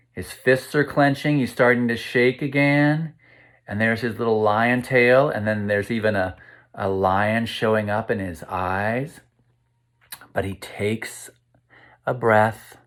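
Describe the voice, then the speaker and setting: Slow-paced man reading a children's book aloud, gentle and questioning, leading kids through breaths. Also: lowish voice. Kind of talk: interactive read-aloud for kids.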